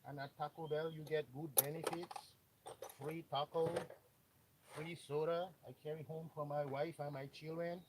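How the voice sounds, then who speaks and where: A man voicing a boastful fast-food worker who speaks in exaggerated broken English. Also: fairly high pitch, little pitch movement, noisy background, voice pushed up, close to an everyday voice.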